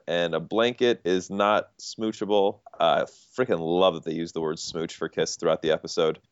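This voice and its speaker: A deep-voiced man hosts a casual podcast where he retells cartoon plots, walking through each episode in animated detail. The sound is dull and dry, with no room tone and no echo.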